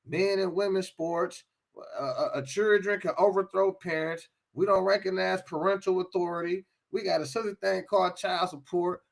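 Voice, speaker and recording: A man's voice: high-pitched, vocal fry. An American man giving an impassioned talk, emphatic, often repeating and restarting his phrases. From United States.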